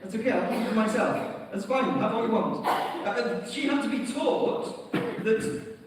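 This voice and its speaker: A man's voice: high voice, unhurried, slight background noise. A man with a British accent preaching a sermon, telling stories with light humour. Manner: storytelling, lightly humorous. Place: large church hall. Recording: echoey hall from far off.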